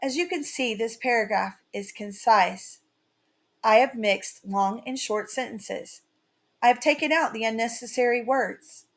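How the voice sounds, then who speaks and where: A woman teaching a writing lesson in a slow, carefully read-out, scripted delivery. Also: a little high.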